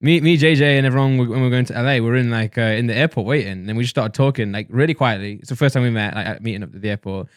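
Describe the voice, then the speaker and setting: A young man, co-hosting a podcast in casual chat and telling stories as animated mock rants. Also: mid-range voice, rapid-fire, few pauses, no room sound, studio quality. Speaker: podcast co-host.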